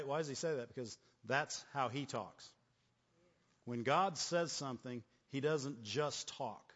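Preacher with a ringing church reverb. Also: male voice, mid-range voice. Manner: repetitive call-and-response, frequent "right?" and "amen?". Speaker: pastor. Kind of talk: sermon. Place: church hall. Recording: long church reverb, dull lo-fi sound.

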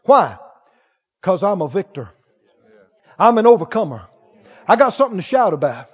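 A man's voice: high-pitched, very animated, normal speed, slightly rough. A man preaching a sermon with emphasis, asking the crowd for replies. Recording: dull lo-fi sound in a reverberant hall.

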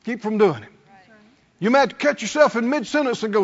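Very high-pitched, animated and fairly quick, a man preaches as pastor, calling to the congregation and acting out complaining voices. The sanctuary setting gives a dull sound with a long hall reverb.

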